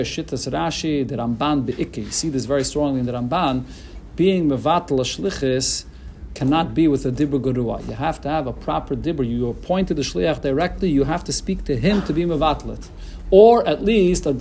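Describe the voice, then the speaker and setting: A man with a mid-range, darkish voice teaches a Talmud lecture in English mixed with Hebrew and Aramaic terms, often restarting his explanations. A little hiss or hum is audible.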